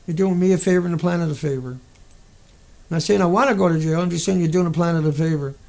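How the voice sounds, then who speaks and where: A man ranting into his camera, indignant and sarcastic, swearing freely. His voice is high for a man and thick with a gravelly fry. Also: fast talker, darkish tone. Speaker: vlogger. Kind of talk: angry monologue rant.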